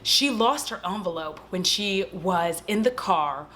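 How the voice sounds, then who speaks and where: A young woman casually recapping a horror film at home, animated and swearing freely as she acts out the characters' lines. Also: fairly low pitch, measured pace, a little hiss or hum. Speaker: vlog host.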